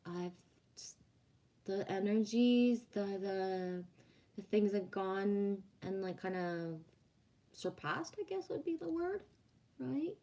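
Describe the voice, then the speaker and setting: A woman's voice: medium pitch, animated, slow pace, warm tone. Chatty woman livestream host, French-first speaker. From Quebec, Canada. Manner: chatty and rambling, frequent laughter and restarts. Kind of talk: casual livestream chat, reading out viewer comments.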